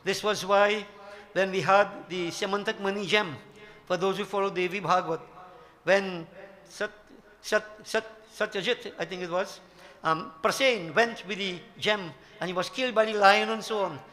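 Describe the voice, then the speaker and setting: A man's voice: high voice, steady tone, moderate pace, bright, forceful tone. An older man gives a devotional sermon, emphatic and full of rhetorical questions to his devotees. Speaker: Hindu spiritual teacher.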